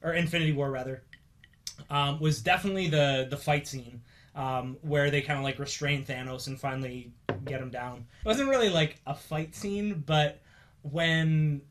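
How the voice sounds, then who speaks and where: A young man with a somewhat high voice talks in a loose, rambling way, full of fillers and little laughs. He is hosting a casual chat and keeps it easygoing and talkative. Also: moderate pace, a bit bright. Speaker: podcast host.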